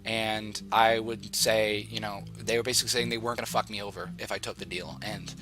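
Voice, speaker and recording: A man's voice: fairly low pitch, little pitch movement, fairly quick, over music. A young man telling a long story on a livestream, rambling and swearing a lot. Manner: rambling, profane, restless.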